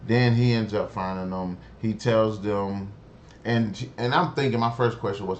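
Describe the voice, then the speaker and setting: Male reviewer, lower register, exasperated and profane, rambly delivery, light background noise. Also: steady tone, unhurried, dull audio. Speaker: show reviewer. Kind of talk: casual spoken review.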